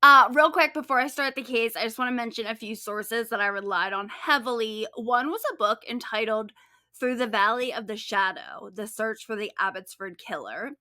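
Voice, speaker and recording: Upbeat woman telling a true crime case, bright clear voice, dry close mic. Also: on the high side, normal speed, no echo. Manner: upbeat, chatty storytelling with casual swearing. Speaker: podcast co-host and case writer. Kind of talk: casual true-crime podcast chat.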